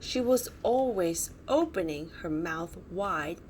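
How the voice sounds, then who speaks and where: Slow, expressive woman reading a bedtime story. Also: fairly low pitch, slight background noise. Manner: slow, expressive, pointing out pictures. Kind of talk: bedtime story read aloud.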